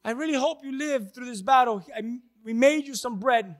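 A preacher voicing the young shepherd David as an eager, bold boy with a very high voice. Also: normal speed.

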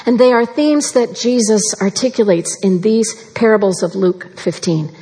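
A woman preaching a sermon in an earnest, measured way, slowing down to stress key phrases. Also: medium pitch, mellow, breathy edge. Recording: long reverb of a large hall.

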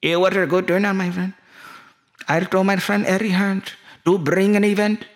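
A man putting on a boastful, high-voiced oil tycoon. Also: little pitch movement, normal speed. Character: boastful rich oil-wealthy middle-aged man.

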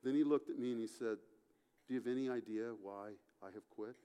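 A middle-aged man preaching as a pastor, telling a story with acted-out dialogue and moving from loud passages to hushed ones. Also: mid-range voice, brisk, slight background noise. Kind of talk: sermon.

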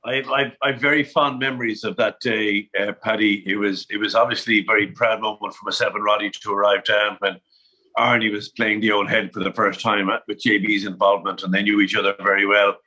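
Bright-voiced Irish storyteller man. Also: lowish voice, level tone, fairly quick, slightly rough, poor audio. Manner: chatty, repeats words when starting. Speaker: panel guest. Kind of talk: anecdotal storytelling.

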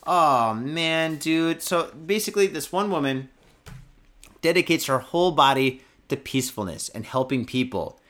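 Somewhat high and fairly bright, this young man's voice is animated at a moderate pace as he hosts a podcast while tipsy. His comedic news rant is profane and repetitive, full of swearing and repeated lines.

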